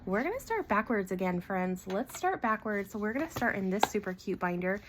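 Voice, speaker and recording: A woman hosting a casual budgeting vlog, talking in a chatty, animated way with many ums and quick laughs. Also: medium pitch, noisy background. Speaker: budgeting channel host. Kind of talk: casual cash-stuffing vlog.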